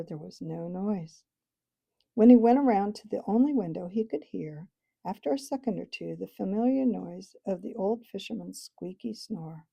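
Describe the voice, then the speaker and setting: A woman reads a storybook aloud in a gentle, measured way. Her voice is warm and husky, with a gravelly edge. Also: medium pitch, dry recording. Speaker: storybook reader. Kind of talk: reading a novel aloud.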